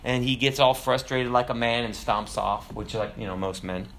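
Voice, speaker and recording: A man's voice: moderate pace, fairly bright tone, a little hiss or hum. A male pastor preaching a sermon in a conversational way, with joking asides, who builds to emphatic preaching. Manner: rises to emphatic, higher-pitched preaching.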